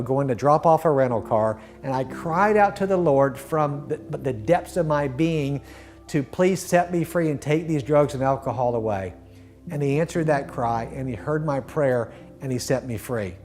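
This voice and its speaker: A middle-aged man recounts his personal faith testimony in a slightly high, earnest voice. He speaks from the heart and often trails off softly at the end of a thought. Gentle music plays faintly behind him. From Florida. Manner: earnest and heartfelt, softening to a hush at the end of lines. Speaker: guest sharing his testimony.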